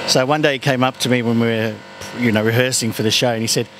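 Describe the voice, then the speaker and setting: A middle-aged man chats as a comedy guest, telling stories with animated energy. His voice sits in a middle register. A clear hiss of background noise runs under the recording. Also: mid-range voice, fast. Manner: animated storyteller, slips into comic voices. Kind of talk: casual interview chat. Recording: noisy background.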